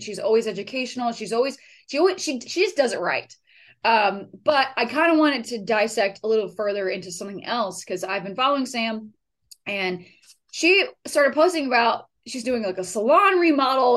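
A woman hosting a podcast, chatting casually with loose swearing and lots of fillers and restarts. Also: a little high. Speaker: podcast host.

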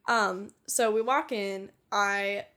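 A woman's voice: medium pitch, steady tone, slow, sharp tone. A woman co-hosting a podcast in casual chat, giggling often, swearing freely and saying "like" a lot. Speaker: podcast co-host.

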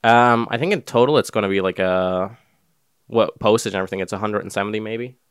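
Podcast co-host, young man, low pitch, dry close sound, casual storyteller. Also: fast, smooth, no room sound. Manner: storytelling, acts out voices of people in his stories. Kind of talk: casual chat.

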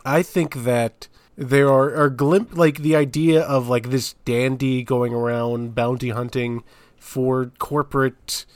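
Deadpan guy cohosting a movie podcast, dry close sound, no room echo. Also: mid-range voice, slow pace. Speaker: podcast co-host. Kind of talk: casual movie review chat.

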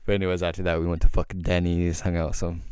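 Deep-voiced young man telling a spooky story. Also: flat delivery, racing, clean tone, dry recording, studio quality. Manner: rambling, heavy swearing, hushed when telling the eerie part. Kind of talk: casual storytelling.

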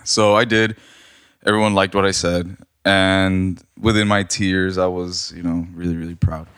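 A man's voice: deep voice, flat delivery, moderate pace, a bit bright, clear, resonant tone, no echo, clean studio sound. A young man co-hosting a casual podcast, joking and telling a heartfelt story with casual swearing. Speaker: podcast co-host. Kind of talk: casual chat.

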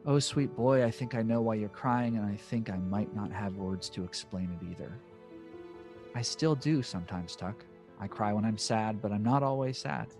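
A man hosting a podcast, reading a blog post aloud in a slow, measured way. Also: on the low side. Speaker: podcast host. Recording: voice set back from the mic, music underneath. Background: music.

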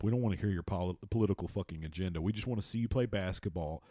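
A man co-hosting a casual sports podcast, swearing freely and telling stories with lively quoted voices. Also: deep voice, very fast. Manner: profane, animated storytelling. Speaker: podcast co-host.

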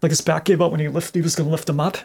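A man with a voice a little higher than most talks eagerly in a relaxed chat. He stumbles and repeats himself as he goes over his favorite scenes, often breaking into laughter. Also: rapid-fire, creaky, slightly rough. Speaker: co-host talking about movies. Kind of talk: casual chat.

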